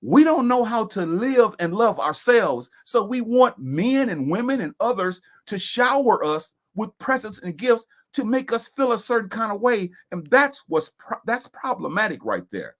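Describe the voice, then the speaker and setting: A man's voice: high voice, very animated, normal speed, hardly any pauses, a bit bright. A middle-aged man co-hosting a casual discussion broadcast, talking in an emphatic, preachy way. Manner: preachy, emphatic, sings and repeats lines. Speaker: co-host.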